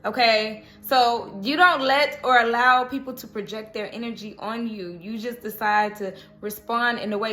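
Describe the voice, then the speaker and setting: Bright chatty woman reading tarot. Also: on the high side, fairly even intonation, moderate pace, hardly any pauses. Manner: chatty, laughs often, keeps asking "okay?". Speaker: tarot reader. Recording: roomy echo.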